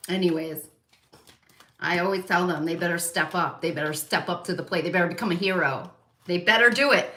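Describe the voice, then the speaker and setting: A woman from New Jersey with a Jersey accent, hosting a casual monologue to her viewers, animated, laughing often and swearing loudly. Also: lowish voice, reverberant. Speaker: psychic channel host.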